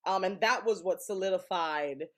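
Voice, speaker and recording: Animated woman telling stories with laughs. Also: on the low side, moderate pace. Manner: animated, laughs often, acts out quotes. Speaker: guest actor. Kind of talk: casual interview storytelling.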